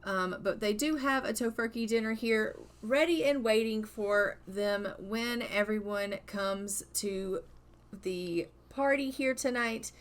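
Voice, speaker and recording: A woman's voice: on the high side, slow pace. A woman casually narrating her life-sim gameplay, chatty and full of fillers. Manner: chatty, many fillers like "like" and "you know". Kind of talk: casual let's-play narration.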